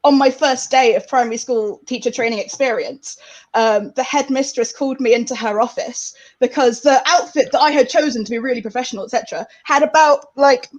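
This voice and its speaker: A woman's voice: high voice, fairly quick, highs cut off. Chatty South East London woman. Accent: South East London English. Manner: rambling, filler-heavy storytelling. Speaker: comedian panelist. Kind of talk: casual anecdote telling on a panel.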